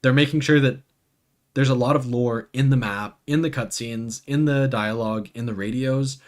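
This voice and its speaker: A man on a live stream talks loosely and thinks out loud, with plenty of fillers and restarts. He keeps breaking off to answer viewers by name, and his voice sits at an ordinary middle pitch. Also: normal speed. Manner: rambling, full of "like" and restarts. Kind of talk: casual livestream commentary.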